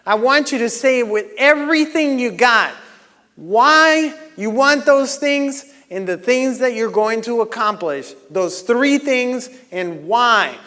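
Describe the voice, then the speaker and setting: A man leading a live motivational workshop on a microphone, energetic and coaxing, shouting encouragement at the group. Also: extremely high pitch, takes it slowly. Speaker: workshop leader. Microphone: handheld microphone. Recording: long hall reverb.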